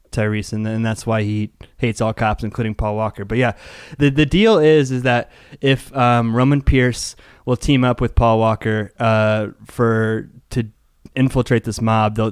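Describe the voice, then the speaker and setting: A man's voice: mid-range voice, clear, resonant tone, no room sound. A man with a mid-range voice co-hosts a casual movie podcast. He rambles, restarts his sentences and leans on filler words while he explains. His voice sounds close and dry. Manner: rambling, hesitant, full of "like" and restarts. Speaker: podcast co-host. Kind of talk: casual movie review chat.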